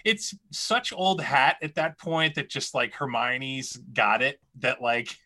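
A man with a bright, forward voice chatting on a podcast. He stops and restarts often and scatters "like" through his sentences. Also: mid-range voice, animated. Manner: halting, heavy use of "like" fillers. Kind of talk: casual podcast chat.

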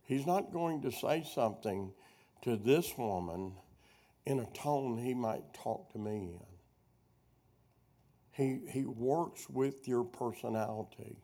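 A man's voice: mid-range voice, takes it slowly, mellow. A middle-aged man teaching a sermon with personal stories, a rambling storyteller who loses his thread and doubles back. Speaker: preacher teaching a prophecy workshop.

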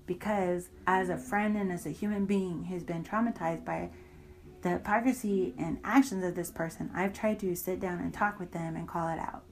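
A woman's voice: fairly low pitch, steady tone, normal speed, darkish tone, poor audio. A woman in an interview, bluntly recounting a personal story with heavy profanity and indignant emphasis.

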